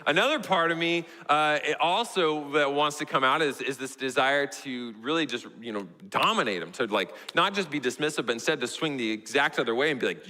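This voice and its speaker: Man, young, Texan accent, pastor, sermon storytelling, bright tone, long church reverb. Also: moderate pace. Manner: storytelling, animated, voices his toddler in a high squeal. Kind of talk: sermon illustration. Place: church sanctuary.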